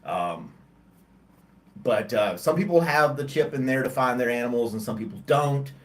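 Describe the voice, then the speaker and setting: A tired man hosts a casual livestream chat, yawning between thoughts. He rambles and hesitates with lots of ums and restarts. His voice sits at a middling pitch. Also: moderate pace. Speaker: host of a livestream chat show. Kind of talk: casual chat with live chat viewers.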